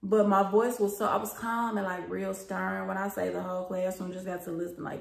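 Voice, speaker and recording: A woman's voice: medium pitch, flat delivery, fairly quick, gravelly. A young woman vlogger telling a story in casual chat, talking straight to her viewers and swearing freely. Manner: chatty and profane, addresses viewers as y'all. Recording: roomy echo.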